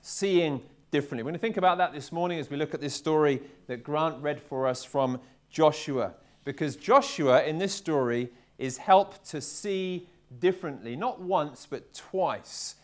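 In a church hall before a live congregation, an Englishman preaches a sermon in a relaxed, conversational way, often repeating his words as he goes. His pitch is medium.

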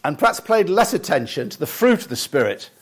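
An older man delivers a church sermon with a fairly high voice. He speaks in a reflective, halting way and often restarts his sentences. When he recites lists he slows down and goes soft. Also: sing-song. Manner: leads the congregation through lists in a soft slow voice. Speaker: preacher.

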